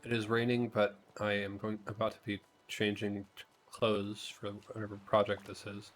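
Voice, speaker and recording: A man's voice: lowish voice, completely flat delivery, normal speed, a bit bright. A man streaming a video game, talking casually and thinking aloud as he plays. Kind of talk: casual gameplay commentary.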